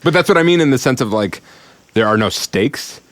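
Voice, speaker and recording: A man's voice: medium pitch, lively intonation, a little fast, no echo. A man co-hosting a podcast, casually breaking down a film's scenes, laughing often and padding his points with "like". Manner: analytical, laughs often, hedges with "like". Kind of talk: casual film discussion.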